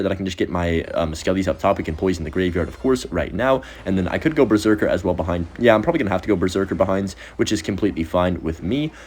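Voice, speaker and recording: A young man giving casual, excitable commentary over his own gameplay, with sudden high-pitched outbursts. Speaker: gaming video host.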